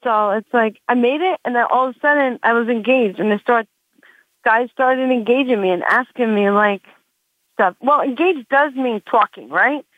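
A woman's voice: fairly high pitch, normal speed, no echo. Rambling woman comic on a tinny phone line. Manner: rambling, heavy with fillers. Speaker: comedian guest. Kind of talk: stand-up comedy set.

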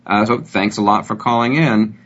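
A man's voice: lowish voice, fairly even intonation, normal speed, a bit bright. A man hosting a radio health show, talking in a friendly, conversational way with many fillers. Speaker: radio show host, doctor. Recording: dull lo-fi broadcast audio.

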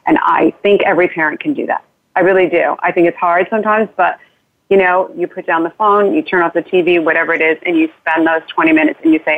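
A woman's voice: fairly low pitch, steady tone, fast. A woman, an author being interviewed, talking in an earnest, rambling way with restarts and light laughs. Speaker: author guest. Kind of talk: casual interview talk. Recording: tinny phone line.

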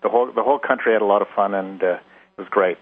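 A man's voice: lowish voice, fairly even intonation, fast, husky. A man from Canada calling in to an advice show, hesitant and repeating words as he starts his sentences. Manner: hesitant, stammering at the start of phrases. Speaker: caller. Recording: phone-line audio.

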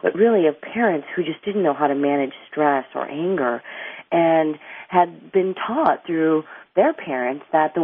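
A woman's voice: low voice, slightly rough. Earnest woman guest on a tinny line. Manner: earnest, rambling with restarts. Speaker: anger management coach and author, guest. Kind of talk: interview answers, explaining. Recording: tinny phone line, dry.

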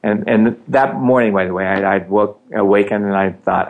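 A man's voice: fairly low pitch, steady tone, moderate pace, few pauses. A middle-aged man telling his story in casual conversation, animating the quoted dialogue.

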